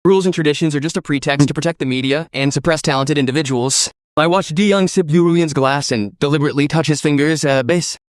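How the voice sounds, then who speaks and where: A man's voice: on the high side, fast talker, hardly any pauses, no echo. A man narrating a first-person story recap, reading every character's lines in his own voice.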